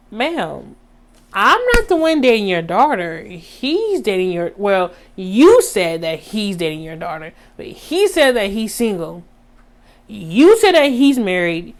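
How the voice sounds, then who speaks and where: Animated young woman telling a story. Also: slow pace. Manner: animated, dramatic retelling with sudden high squeaks; slangy, talks straight to viewers. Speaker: vlogger. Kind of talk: casual storytime.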